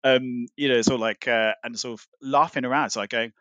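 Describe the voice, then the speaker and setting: A man's voice: mid-range voice, fairly even intonation, brisk, hardly any pauses, sharp tone, dry recording. A man chatting casually as a podcast guest, telling a long story with many fillers and restarts. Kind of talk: casual chat.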